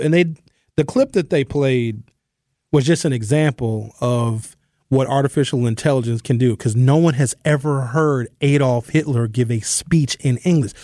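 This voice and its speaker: An opinionated man hosting a talk radio show, talking straight to his listeners in a conversational monologue. His voice sits in a mid range, and he slows right down or rushes ahead to press a point. The studio sound is dry, with no room echo. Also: medium pitch, a little mellow. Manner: opinionated, conversational, shifting pace for emphasis.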